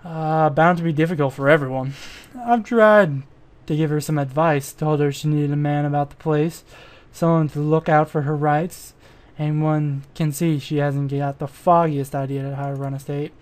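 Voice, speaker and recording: A man's voice: on the high side, fairly even intonation, moderate pace, natural voice. A man voicing a boastful, flirtatious male adventurer in a mystery game, with a drawling, self-satisfied manner. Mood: smug.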